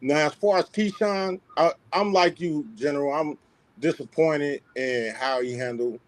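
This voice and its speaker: A man's voice: on the high side, a little slow, no echo. A man giving confident, emphatic fight opinions in casual sports chat. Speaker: panelist on a sports talk stream.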